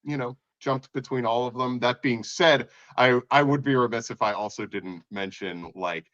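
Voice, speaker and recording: A man's voice: mid-range voice, moderate pace, a bit bright, no echo, highs cut off. A man co-hosting a casual pop-culture podcast, rambling eagerly with restarts and laughs. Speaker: podcast co-host. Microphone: remote podcast mic.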